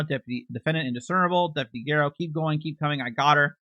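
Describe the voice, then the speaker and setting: Fast, bright-voiced man reading court transcripts. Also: on the high side, dry recording, muffled recording. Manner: matter-of-fact reading that announces each speaker label. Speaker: true crime channel host.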